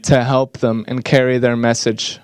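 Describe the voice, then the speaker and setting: A man giving an earnest, slightly halting English voice-over interpretation of speakers at a conference. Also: mid-range voice, level tone, smooth.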